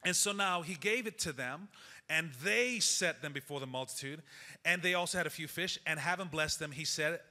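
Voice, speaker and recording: A man preaching a sermon and reading scripture, repeating phrases for emphasis and dropping to a hushed, intense tone. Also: a little high, normal speed, in a large hall. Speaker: pastor.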